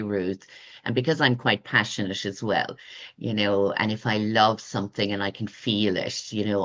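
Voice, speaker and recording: A woman's voice: rumbling low, dull audio. A woman hosting a podcast, talking in an effusive, spiritual way about energy and passion. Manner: effusive, warm-hearted, spiritual. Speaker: podcast host. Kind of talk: casual interview chat.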